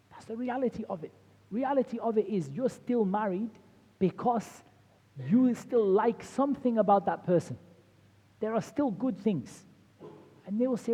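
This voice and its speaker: A man with a high, slightly husky, mellow voice delivers a religious lecture in a conversational way, now and then acting out what spouses say. The sound is dull and lo-fi, with a long hall reverb trailing his words. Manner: conversational, acts out quoted spouses. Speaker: Islamic lecturer.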